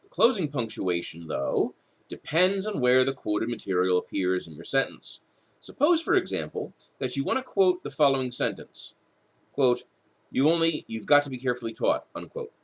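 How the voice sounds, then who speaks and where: A man's voice: mid-range voice, wildly swooping pitch, moderate pace, breathy edge. A male writing instructor, tired late at night, reads rules from a textbook in a recorded lecture and explains them with casual asides.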